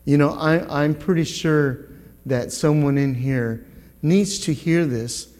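Slow, earnest middle-aged man in a hall. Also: medium pitch, darkish tone. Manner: halting, repeats words, earnest. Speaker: guest speaker giving a testimony. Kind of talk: spoken church testimony. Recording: long reverb of a large hall.

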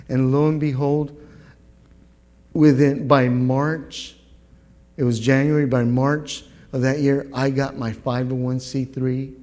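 A middle-aged man giving a spoken church testimony, earnest and halting, often repeating his words. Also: mid-range voice, little pitch movement, a little mellow. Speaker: guest speaker giving a testimony. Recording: long reverb of a large hall.

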